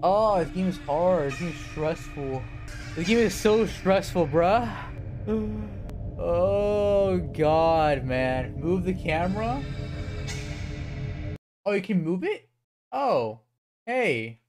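A young man streaming a horror game, excitable and swearing, yelping and shouting whenever he gets startled. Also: high voice, slow, pauses often, music in the background. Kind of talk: live gameplay commentary.

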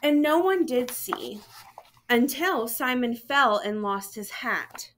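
A woman, a school counselor, reading a children's picture book aloud to students in a gentle, storytelling way. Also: a little high, lively intonation, slow pace, a little hiss or hum.

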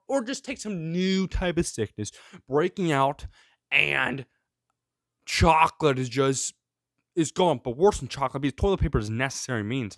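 A man with a somewhat high voice rants through his own commentary show, heavy on sarcasm and rhetorical questions. The sound is dry and close, with no room around it. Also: no echo. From of Greek heritage. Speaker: show host. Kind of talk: ranting solo commentary.

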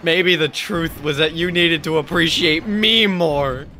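Loud, bright young man gaming. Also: a little high, measured pace, a little hiss or hum. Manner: crude, loud, laughing, swearing often. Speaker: gaming video host. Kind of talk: casual gaming banter.

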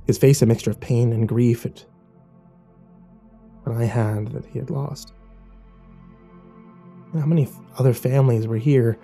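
A man reads a first-person horror tale in a hushed, measured way, his voice dark and mellow. Faint music sits quietly behind the narration. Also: mid-range voice.

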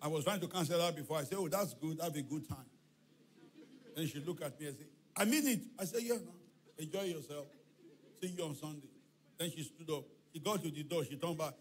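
A man's voice: on the high side, fairly quick, slight background noise. A male pastor preaching a sermon in a church, telling stories with acted-out dialogue and chanted refrains. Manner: animated storytelling preacher, acts out dialogue, shouts and chants. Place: church hall.

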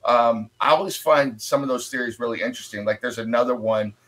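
A man's voice: mid-range voice, steady tone, brisk, fairly bright tone, rough recording. A man co-hosting a podcast in casual chat, easygoing and chatty, laughing at himself. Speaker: podcast co-host.

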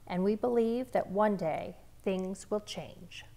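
A woman's voice: medium pitch, takes it slowly, creaky, warm tone. A woman voicing a protective mother who firmly reassures her children in a storybook read-aloud. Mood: reassuring. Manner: firm but comforting.

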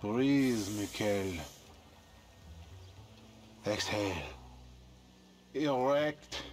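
An actor playing a pretentious male yoga instructor who speaks with a put-on French accent, in slow, theatrical game dialogue. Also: lowish voice, darkish tone, slight background noise. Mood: dreamy. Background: game music.

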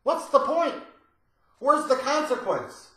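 A man hosting a wrestling review channel, ranting with profane sarcasm and shouted bursts. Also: very high-pitched, very animated, slow pace. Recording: very echoey room.

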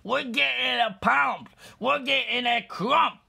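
Hype MC, gravelly and bright, yelling at the crowd; man doing the voice. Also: very high-pitched, takes it slowly, exaggerated voice. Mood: hyped. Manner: shouting, pumping up the crowd. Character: hyped-up male MC shouting at a crowd. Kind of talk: freestyle hype MC.

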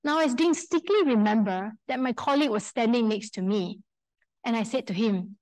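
Singaporean woman, workshop speaker, fairly high voice, lively storytelling with questions to the room. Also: moderate pace, poor audio. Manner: lively storyteller, acts out quoted speech; engages audience with questions and polls. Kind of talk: live workshop talk to an audience.

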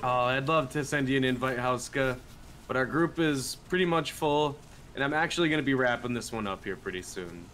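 A man's voice: mid-range voice, fairly quick, a bit bright, a little hiss or hum. Upbeat man thanking stream viewers. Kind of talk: casual game stream chat.

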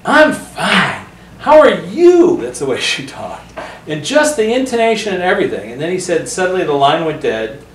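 A man, an author speaking to a book club, telling earnest stories with animated delivery and acting out the voices he quotes. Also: fairly high pitch, fairly quick, a little hiss or hum. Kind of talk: storytelling talk to a small audience. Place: book club meeting room. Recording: roomy, distant mic.

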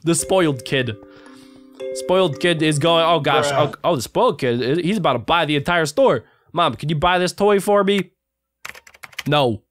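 A man hosting a gaming reaction video, excitable, often bursting into shouts and laughter. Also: on the high side, normal speed. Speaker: YouTube reaction host. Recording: music playing clearly underneath.

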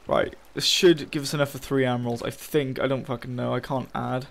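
A man's voice: medium pitch, flat delivery, fairly quick, gravelly, few pauses. A young man giving casual, swear-heavy commentary as he plays a Minecraft map and rants about his losses. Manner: casual, swearing, frustrated ranting. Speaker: gaming YouTuber. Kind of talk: Minecraft let's play commentary.

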